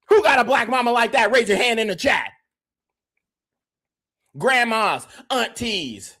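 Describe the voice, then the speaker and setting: A man's voice: very high-pitched, expressive, unhurried, long pauses, sharp tone. A man hosting a livestream commentary podcast, talking emphatically and repeating his points. He keeps turning to address the chat directly. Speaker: podcast host.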